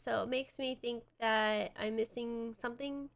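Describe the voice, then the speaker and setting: A tired, yawning woman streaming a video game, thinking out loud and chatting to her viewers. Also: a little high, fairly even intonation, normal speed, creaky. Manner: thinks aloud while playing and talks to chat. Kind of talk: casual livestream gaming commentary. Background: game music.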